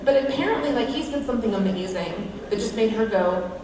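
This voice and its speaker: Speaking expressively at a moderate pace, a woman with a slightly high voice gives a comic devotional talk as featured speaker at a women's event, joking at her own expense. The recording is distant and echoey in a large hall, with a noisy crowd audible behind her.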